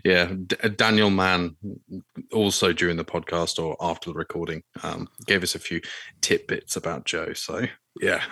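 A man's voice: deep voice, fairly even intonation, normal speed, gravelly, sharp tone, no echo. A man, a podcast co-host, chatting as a guest in a joking, cheeky way. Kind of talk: casual podcast interview.

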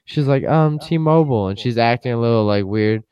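A man's voice: medium pitch, fairly even intonation, brisk, a little mellow, clear, resonant tone, dry recording, muffled recording. A young man co-hosting a casual podcast chat, telling loose stories and acting out what people said in a raised voice. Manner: loose storyteller who acts out quoted lines in a raised voice. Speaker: podcast co-host.

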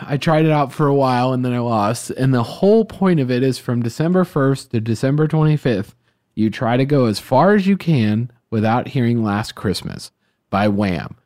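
A man co-hosting a music podcast, chatting casually and telling stories with lively acted-out quotes. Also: medium pitch, moderate pace, dry recording, clean studio sound. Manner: animated storyteller, acts out voices of others. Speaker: podcast co-host. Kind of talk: casual chat.

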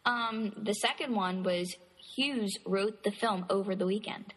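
A woman co-hosting a podcast, reading trivia items from a list in a relaxed way. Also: mid-range voice, measured pace, husky, long reverb tail, rough recording. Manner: reads trivia from a list, laughs easily. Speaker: podcast co-host. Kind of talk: casual podcast chat.

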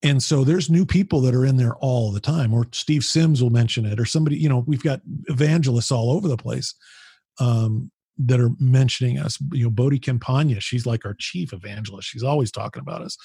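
A man with a deeply husky, raspy voice tells rambling stories on a podcast, restarting sentences and getting animated as he goes. The sound is close and dry with no room around it. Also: fairly quick, dry recording. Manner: animated, rambling anecdotes with frequent restarts and mild swearing. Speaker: podcast guest, founder of a business mastermind group. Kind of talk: casual storytelling conversation.

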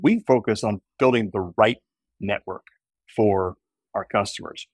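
A man's voice: on the low side, a little slow, no echo, studio quality. A man who is a guest on a podcast, explaining his business in an earnest, agreeable way. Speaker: guest, company co-founder. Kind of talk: casual podcast conversation.

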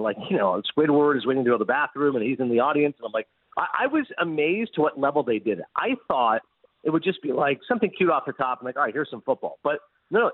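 A Canadian-born man, a guest sports broadcaster, telling stories in an animated, quick way on a casual sports radio show. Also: on the high side, no echo. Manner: animated storyteller, quick, laughs often. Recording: tinny phone-line remote audio.

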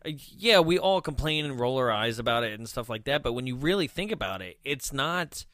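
Young male podcast cohost, bright tense voice, dry close sound, rambling casual talk. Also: mid-range voice, animated, a little fast, no room sound. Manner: rambling, lots of "like" and restarts. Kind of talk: casual chat reviewing a movie.

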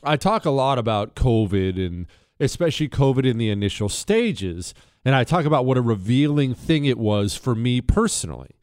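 A man from Texas hosting a radio talk show, speaking in an emphatic, conversational monologue. His pitch moves around a lot as he builds points with rhetorical questions. The studio sound is dry and close. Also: big pitch swings, moderate pace, a little mellow, no room sound.

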